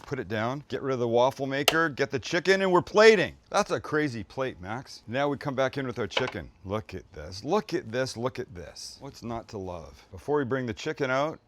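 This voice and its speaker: Amid a noisy background and the sizzle of a pan, a man with a mid-range voice runs a relaxed cooking demonstration. He's a chatty, jokey host who talks to himself and his crew while cooking and sometimes swears.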